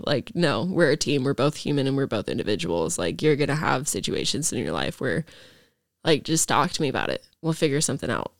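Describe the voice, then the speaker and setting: Young woman, podcast guest, casual rambling storytelling, filler-heavy, fry in voice, dry sound. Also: sits low, sing-song, a little fast, a bit bright, no echo.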